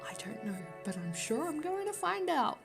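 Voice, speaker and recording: A woman's voice: high-pitched, big pitch swings, normal speed, creaky, faint music behind. A woman hosting a casual let's-play of a story game, chatty and giggly, reading the dialogue aloud.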